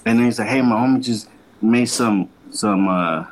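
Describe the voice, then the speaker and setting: On a podcast, a young man with a lowish voice tells a long story at normal speed, laid-back and slangy. He swears a lot and acts out what everyone said in different voices, and the recording quality is low.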